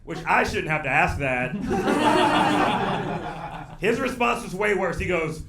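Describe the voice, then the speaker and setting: Young male stand-up, lively pitch, slightly distant in an echoey club over a crowd. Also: measured pace, very noisy. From Birmingham, Alabama. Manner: animated, punchy delivery with loud bursts. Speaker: stand-up comedian. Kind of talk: stand-up comedy set. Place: comedy club stage with audience. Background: audience laughter.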